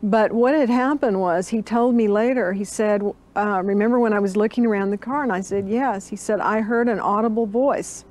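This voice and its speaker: A woman's voice: medium pitch, moderate pace, hardly any pauses, a little mellow, a little hiss or hum. Earnest older woman telling her story. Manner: earnest storyteller, acts out quoted dialogue. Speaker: interview guest. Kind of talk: recounting a personal story.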